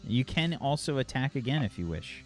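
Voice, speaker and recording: A man's voice: medium pitch, a little fast. Guy running a tabletop game, voice swings up and down, laughs a lot, faint music behind. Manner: relaxed, laughs often, explains rules with fillers. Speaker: game master.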